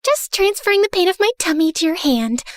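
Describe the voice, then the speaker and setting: A young woman narrating an animated story as a spoiled, theatrical rich girl, sarcastic and self-centered. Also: very high-pitched, fairly quick, no echo, studio quality. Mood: sassy. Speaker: first-person narrator.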